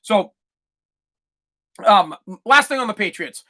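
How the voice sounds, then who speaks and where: Fired-up bright-voiced podcast man. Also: high-pitched, animated, slow pace. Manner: fired-up, swearing, repeats himself. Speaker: podcast host. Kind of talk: solo sports rant podcast.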